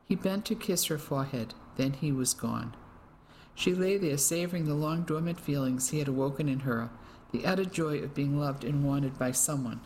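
Low-voiced woman narrating an audiobook. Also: moderate pace, a little mellow, a little hiss or hum, poor audio. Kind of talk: scripted narration.

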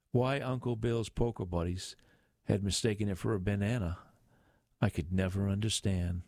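An older male narrator reading his memoir at a measured, reflective pace. His voice sits low. The recording is close and dry. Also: darkish tone, no echo.

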